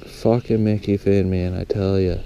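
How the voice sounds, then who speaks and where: A young man excitedly narrating his fly fishing outdoors by a lake, swearing often and exclaiming over his catch. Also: low voice, moderate pace, vocal fry, slight background noise. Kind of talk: excited outdoor vlog commentary.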